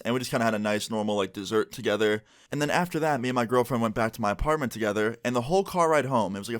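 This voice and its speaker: A young man rattling off a storytime at a fast clip, animated and casual. His voice is dry and close to the mic, with no room sound. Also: lowish voice, no echo. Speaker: vlogger.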